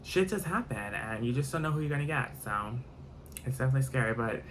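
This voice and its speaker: A man's voice: mid-range voice, animated, fast, a bit bright, slight background noise. A man telling a rambling story-time vlog, repeating himself and swearing freely. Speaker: vlogger.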